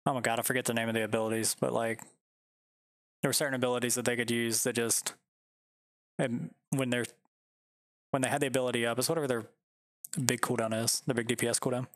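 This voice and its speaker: A man's voice: medium pitch, level tone, fast, long pauses, dry recording, clean studio sound. A man chatting casually while streaming a game from home, rambling and laid-back, swearing often.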